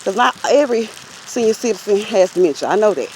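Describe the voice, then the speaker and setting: A woman's voice: mid-range voice, animated, fast talker, a little mellow. Woman, casual storyteller, talks straight to viewers, outdoors on a walk, faint traffic noise behind. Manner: chatty, addresses viewers directly. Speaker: vlogger. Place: outdoors while out walking.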